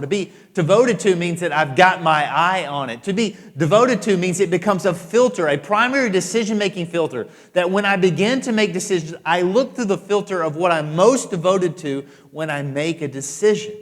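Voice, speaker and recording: A man preaching a sermon as pastor, emphatic, repeating phrases and dropping into soft asides. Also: fairly high pitch, big-room sound. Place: church auditorium.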